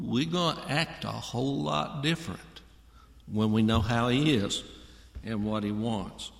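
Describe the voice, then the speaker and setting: In a church auditorium with long, echoing reverb, a man preaches a folksy sermon directly to his congregation. His medium-pitched voice moves a little slowly and has vocal fry.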